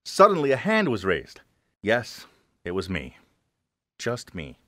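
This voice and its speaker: A young man narrating a first-person animated story in an earnest way. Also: lowish voice, slow pace, no room sound, studio quality.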